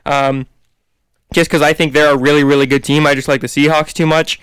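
Smooth-voiced man hedging his sports picks. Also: fairly high pitch, flat delivery, a little fast, fairly bright tone, no room sound. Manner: easygoing, hedging opinions. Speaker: sports podcast co-host. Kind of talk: casual sports debate.

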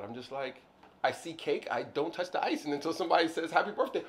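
A man's voice: brisk, a little hiss or hum. Rambling, playful man in casual chat. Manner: rambling, playful, many "like, I don't know"; animated, jumps high when joking. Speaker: business owner, co-host.

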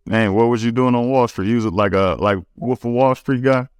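A man's voice: medium pitch, fairly quick, clear, resonant tone, dry recording. A man hosting a casual interview, laid-back and slangy, reacting with short remarks. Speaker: podcast host, interviewer.

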